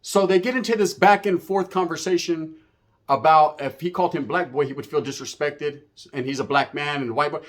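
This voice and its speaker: Speaking briskly, with a voice on the high side and fairly even intonation, a man casually describes his time in prison. Profane street slang and knocking sound effects fill his telling.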